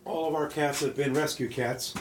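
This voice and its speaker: A man's voice: on the high side, steady tone, normal speed. A middle-aged man hosting a woodworking channel, chatting casually and folksily to his viewers as he demonstrates in his home workshop, recorded on a phone. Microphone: phone camera. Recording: roomy workshop echo, faint noise.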